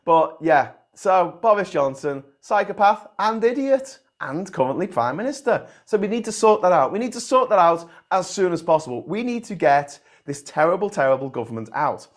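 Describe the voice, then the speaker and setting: A man's voice: high voice, very animated, moderate pace, hardly any pauses. A man with a Liverpool accent hosting a casual livestream, ranting and swearing, often restarting his sentences. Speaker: host.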